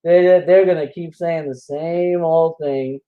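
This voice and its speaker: A man's voice: on the high side, fairly even intonation, measured pace, narrow, tinny audio. A man delivers a casual reaction commentary, combative and dismissive. He rambles and restarts his sentences, with scoffing laughs slipping in between his points. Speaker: religious commentator reacting to videos.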